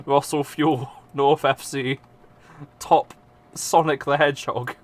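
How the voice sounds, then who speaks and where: Casting: young English male streamer, slow and animated delivery, swears a lot, self-mocking. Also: on the high side. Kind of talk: casual live-stream chat.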